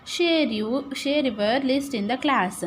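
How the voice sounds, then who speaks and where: A woman teacher with an Indian English accent, slowly explaining syllables to young pupils and often checking that they follow. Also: high voice, slight background noise. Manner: slow, repetitive, checks understanding with "right?" and "okay". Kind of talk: classroom lesson, explaining syllables.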